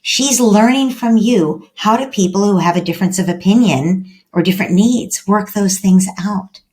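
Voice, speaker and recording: A woman guest on a parenting podcast, explaining calmly and acting out little dialogues as she goes. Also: mid-range voice, normal speed. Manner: calm, explanatory, acts out quoted dialogue. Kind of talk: podcast interview.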